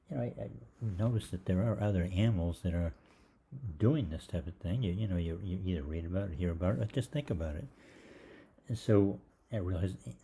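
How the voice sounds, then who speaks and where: Deep-voiced older man telling a rambling story. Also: mellow, slight background noise. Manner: rambling storyteller, many fillers. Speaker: holistic gastroenterologist. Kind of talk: live Q&A monologue.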